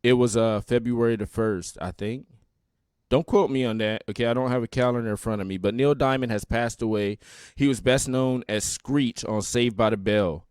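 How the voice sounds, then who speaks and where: A man's voice: mid-range voice, moderate pace, a little mellow, clean tone, dry recording, studio quality. A man hosting a podcast in casual, mocking comedic commentary with laughing asides. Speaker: podcast host.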